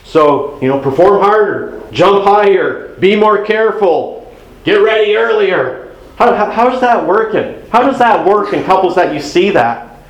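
A man's voice: sits high, lively intonation, unhurried, reverberant, lo-fi sound. A man speaking as a pastor to an audience about marriage, conversational and humorous, acting out little quotes from spouses. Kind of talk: sermon-style marriage talk.

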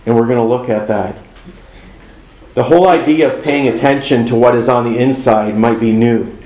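Conversational preacher in a roomy hall. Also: male voice, mid-range voice. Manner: conversational, acts out little dialogues. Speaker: pastor. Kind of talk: sermon. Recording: roomy echo.

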